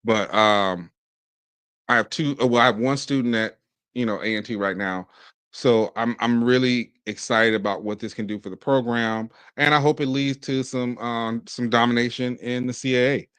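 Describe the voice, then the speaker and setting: Man from Mississippi, forties, casual sports commentary, animated bursts, mid pitch, dry close mic. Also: normal speed, smooth, no echo. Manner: animated, talks in bursts with restarts. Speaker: podcast host.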